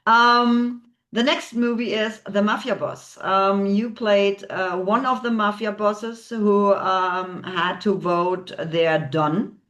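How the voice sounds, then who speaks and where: A woman's voice: mid-range voice, steady tone, takes it slowly, hardly any pauses, fairly bright tone. A woman interviewing an actor, talking hesitantly with many filler sounds as she goes. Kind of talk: interview questions.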